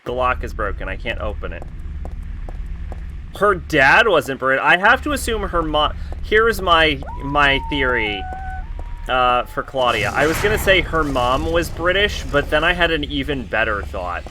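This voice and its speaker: A man's voice: mid-range voice, sing-song, measured pace, background noise. A man streaming a horror game, giving casual, rambling commentary that is profane and joking.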